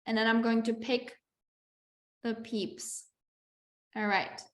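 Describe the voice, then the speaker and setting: Woman coach, high-ish voice, chatty and encouraging, teaching live over a video call in an echoey room. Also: little pitch movement, slow pace. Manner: chatty and encouraging, with frequent "like" and "okay". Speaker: business coach. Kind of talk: live online masterclass teaching.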